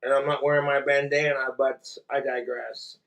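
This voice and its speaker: A man's voice: mid-range voice, flat delivery, moderate pace, a bit bright, a little hiss or hum. A man chatting casually at home, crude and laughing between lines. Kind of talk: casual stream chat.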